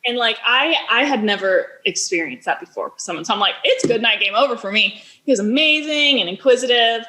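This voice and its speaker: A woman's voice: on the high side, animated, brisk, pushed and bright, slight background noise. A woman in her thirties, a business founder, speaking as a podcast guest and telling a personal story in a chatty way, saying "like" often and acting out quoted dialogue.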